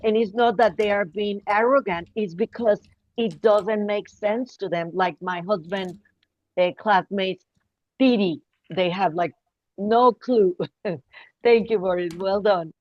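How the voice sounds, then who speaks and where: Slow-talking woman on a dull video call. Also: mid-range voice, fairly even intonation, no echo. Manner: slow, halting, many fillers. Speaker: session leader, teacher trainer. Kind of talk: online teacher training talk.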